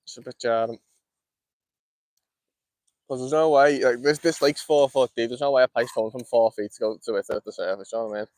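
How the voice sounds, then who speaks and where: A young man with a Scouse accent from Liverpool, chatting quickly to his live-stream viewers while fishing outdoors in the cold and laughing often. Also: mid-range voice, fairly even intonation, darkish tone, no echo. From Liverpool, England. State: cold, shivering. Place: outdoors by a lake.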